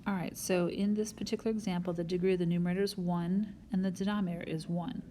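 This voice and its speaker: A woman's voice: lowish voice, fairly even intonation, fast talker, warm tone, a little hiss or hum. A woman math teacher recording a whiteboard lesson, explaining each step patiently and talking straight to her students.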